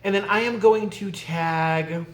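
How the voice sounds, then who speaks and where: A man's voice: high voice, takes it slowly, slight background noise. Chatty man in an echoey room. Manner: rambling, self-interrupting, laughs often. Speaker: YouTube vlogger. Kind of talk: casual chatty tag video.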